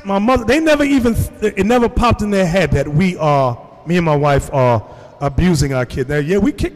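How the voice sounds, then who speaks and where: Animated New preacher in a hall. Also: male voice, sits high. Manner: animated storytelling, acts out voices. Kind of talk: sermon. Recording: long hall reverb.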